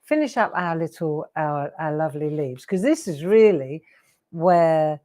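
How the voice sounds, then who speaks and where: A woman's voice: low voice, lively intonation, unhurried, dark tone. A woman in her sixties hosting a live craft show, chatty and rambling with laughing asides. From England. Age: 60s. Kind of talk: live craft demo chat.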